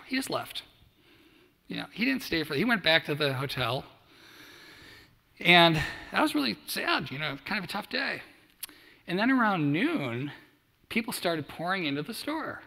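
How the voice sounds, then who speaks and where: Middle-aged male keynote speaker, lively storyteller, bright gravelly voice, hall reverb. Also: on the high side, normal speed, long pauses. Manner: storytelling, acts out quoted dialogue. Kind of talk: motivational speech to student athletes. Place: large hall at a summit. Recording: echoey hall.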